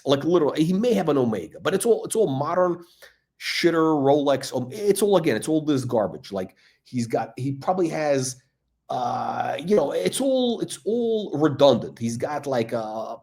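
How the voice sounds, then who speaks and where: A man's voice: mid-range voice, darkish tone. A man hosting a watch channel, talking in a rambling, sarcastic monologue full of fillers, restarts and swearing. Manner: sarcastic, profane, meandering with many fillers and restarts.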